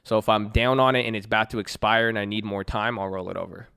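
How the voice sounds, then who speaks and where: A man's voice: fairly low pitch, steady tone, quick pace, gravelly, bright, forceful tone, clean tone. A young man from Southern California streaming at his computer, chatting casually with viewers in a joking, slangy, profane way. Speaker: live streamer. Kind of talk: casual chat reading viewer messages. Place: at a computer, indoors.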